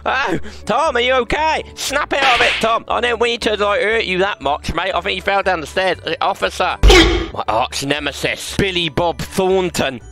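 A young man giving rowdy, joking gameplay commentary, shouting and laughing a lot. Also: high voice, moderate pace. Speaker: gaming YouTuber.

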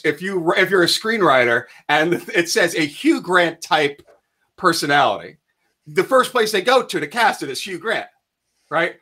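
A man co-hosting a casual recruiting talk show, excitable and teasing, often stumbling and restarting mid-sentence. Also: on the high side. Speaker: podcast co-host, recruiter. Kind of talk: casual chat.

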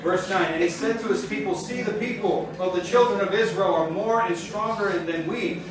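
A man's voice: high voice, moderate pace, hardly any pauses, crowd noise. A man teaching a sermon before a congregation, fervent and building in intensity as he preaches. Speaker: Torah teacher. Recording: very echoey room, mic far off.

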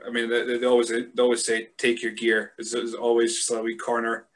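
A man hosts in a relaxed, joking manner, trading light asides with his guest. His voice sits at a plain middle pitch for a man, easygoing and conversational. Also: fairly quick. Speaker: podcast host. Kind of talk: casual interview chat.

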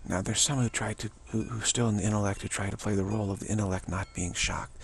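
A man giving a spiritual talk as a teacher, musing and repeating himself, with many restarts and drops into soft whispers. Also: lowish voice, gravelly, breathy edge.

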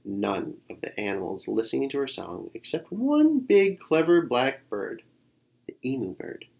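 A man narrating a picture-book folktale aloud in an expressive reading style. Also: medium pitch, measured pace, gravelly. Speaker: storyteller. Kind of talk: read-aloud storybook narration.

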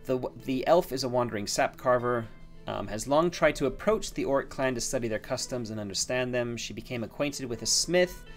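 A man's voice: mid-range voice, brisk, faint music behind. Man rambling through a solo tabletop game. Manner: rambling, thinks aloud with fillers. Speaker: solo game master and player.

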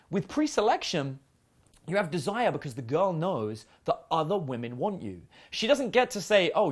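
A man coaching on dating in a loose, chatty way. His pitch swings widely and sits a little high for a man. He fills his talk with "like" and "um". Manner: chatty, uses many fillers and acted quotes. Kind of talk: casual seminar talk.

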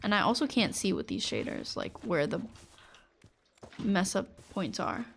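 A woman Twitch streamer chats casually with viewers while gaming, rambling, saying "like" constantly and acting out little scenes for chat. Her mid-range voice is gravelly, a bit bright and very animated, a little slow, with some hiss or hum behind it.

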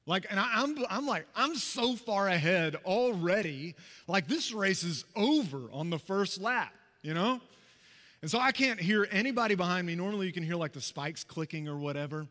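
A man preaching a sermon as pastor, telling a personal story in a conversational, animated way with asides to the congregation. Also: high voice, normal speed, big-room sound. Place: church sanctuary.

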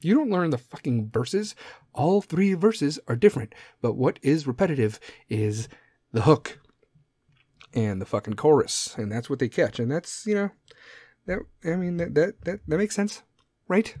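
A man's voice: mid-range voice, normal speed, a little mellow, no echo, clean studio sound. A middle-aged man hosting a solo podcast, ranting casually with lots of swearing and wandering off on tangents. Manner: profane, rambling, goes off on tangents. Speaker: podcast host.

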